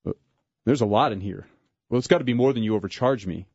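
A man voicing a suspicious, hot-tempered man in a dramatic story reading, sharp and clipped. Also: mid-range voice, fast talker, breathy edge, dry recording, dull audio.

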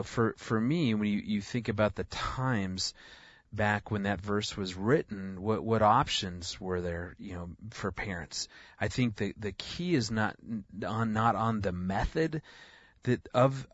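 A man in his forties who talks about parenting in casual conversation, an animated storyteller who often restarts his sentences. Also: fairly low pitch, no room sound, highs cut off. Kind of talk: conversational discussion.

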